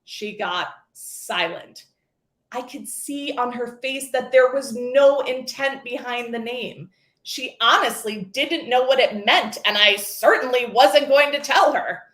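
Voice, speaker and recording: A woman in her forties giving a scripted keynote talk, telling stories with lively acted quotes. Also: high voice, echoey room. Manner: storytelling, expressive with acted quotes. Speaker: keynote speaker.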